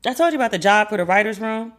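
A woman in her forties hosting a podcast, chatting casually and animatedly, slangy, acting out quoted people in a higher voice. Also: lively intonation, racing. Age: 40s. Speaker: podcast host. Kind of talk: casual chat.

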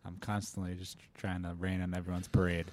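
Man, very low voice, flat monotone, casual show chat. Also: a little fast, slight background noise. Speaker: stream producer on a talk show.

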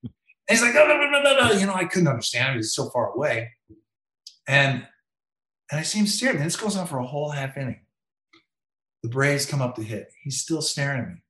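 A veteran MLB umpire, appearing as an interview guest, tells stories in a brisk, mid-range voice broken by long pauses. He gets animated, acting out other people's lines in a raised voice. The low-quality recording sounds echoey, as if made in a reverberant room.

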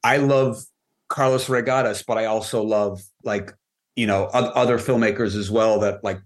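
Low-voiced man chatting loosely. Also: normal speed. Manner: relaxed, rambling, frequent "like" fillers. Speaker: film and music video director, guest. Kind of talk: casual podcast conversation.

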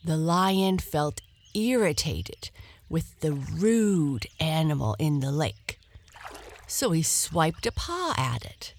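Casting note: woman reading a bedtime fable, very slow, soft and lively in pitch. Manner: gentle, very slow, at times whispered. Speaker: storyteller. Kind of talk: bedtime story narration.

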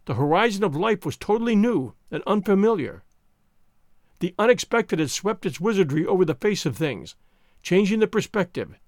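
A man narrating a novel as an expressive, dramatic audiobook reading. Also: sits high, no room sound, studio quality.

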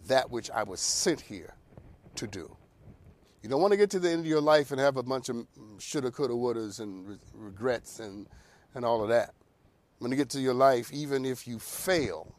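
A man hosting a talk show, giving advice in an animated, preacher-like cadence. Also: medium pitch.

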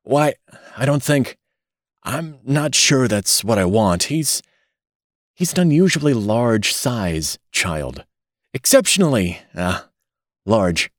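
A man's voice: medium pitch, sing-song, slow, pauses often, no room sound, studio quality, voice pushed up. A man voicing a frantic, flustered middle-aged father, speaking in a nervous, rattled way.

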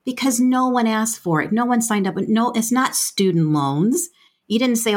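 A middle-aged American woman, appearing as a healthcare finance guest, explains things conversationally in a frank, plain-spoken way with quick asides. Her pitch is medium.

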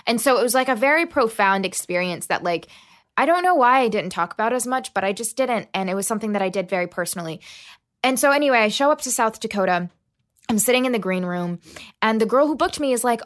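A woman, a podcast guest, telling a personal story in an interview, animated and full of "like" fillers. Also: medium pitch, fast.

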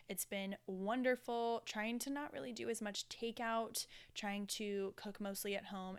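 A woman rambles casually through her solo podcast, candid and chatty with the odd swear word. Her voice is smooth and clear, sitting in a middle pitch. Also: a bit bright. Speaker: podcast host.

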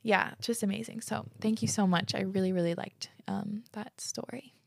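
A woman's voice: mid-range voice, steady tone, moderate pace, gravelly. A woman hosting a podcast in casual chat, gushing and emotional, tearful as she reads listener letters. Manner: gushing, emotional, says "like" a lot. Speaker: podcast host.

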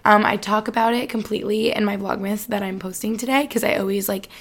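A woman in her twenties hosting a casual solo podcast, chatting fast with lots of fillers and sounding a little out of breath. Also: medium pitch, fairly even intonation, gravelly. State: slightly out of breath. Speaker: podcast host.

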